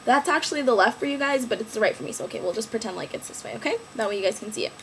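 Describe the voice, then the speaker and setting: A woman's voice: a little high, very fast, slight background noise. A young woman on crutches telling the story of an accident in a casual vlog, chatty and full of fillers. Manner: chatty, filler-heavy, animated retelling. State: injured, on crutches. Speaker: vlogger.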